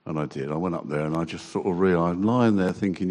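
A man giving a halting, emotional personal testimony to a church congregation. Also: sits low, darkish tone. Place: church hall. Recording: long church reverb.

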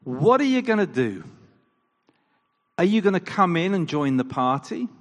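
Animated preacher in a reverberant hall. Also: male voice, high-pitched, moderate pace. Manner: animated, rhetorical questions, acts out quotes. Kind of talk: sermon. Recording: long reverb of a large hall.

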